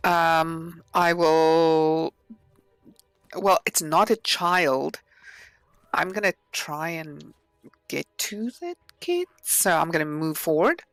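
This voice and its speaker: A woman playing a tabletop game, talking hesitantly with frequent pauses. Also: deep voice, lively intonation, no room sound, faint music behind. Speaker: player. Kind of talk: casual game table talk.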